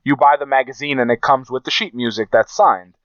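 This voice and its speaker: A man's voice: medium pitch, fairly quick, fairly bright tone, smooth, dry recording, lo-fi sound. A man co-hosting a casual podcast, swearing freely and acting out the quotes in his stories. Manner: profane, storytelling, acts out quotes. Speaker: podcast co-host.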